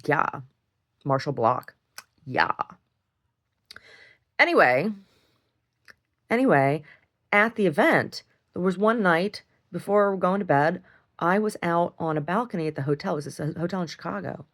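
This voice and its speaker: A woman, probably in her thirties or older, telling a frank, animated story in a casual video diary, full of "like" and "right?". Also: on the low side, a little slow, long pauses. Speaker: video diarist. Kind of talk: casual monologue.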